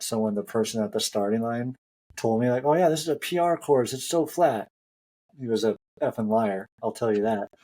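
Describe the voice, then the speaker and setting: A man's voice: fairly low pitch, dark tone. A man hosting a running podcast, telling a story in a chatty way and laughing often. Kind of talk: casual chat.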